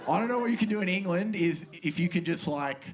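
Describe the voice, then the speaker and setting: A man's voice: high voice, animated, fast, crowd noise. Australian man, twenties, stand-up comedy, laid-back slangy delivery, handheld stage mic, noisy live club recording.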